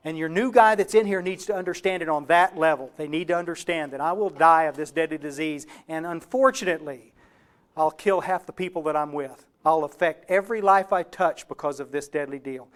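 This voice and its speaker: A man with a Texan accent giving a fast, folksy and emphatic recovery talk to a workshop audience. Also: a little high. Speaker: recovery speaker.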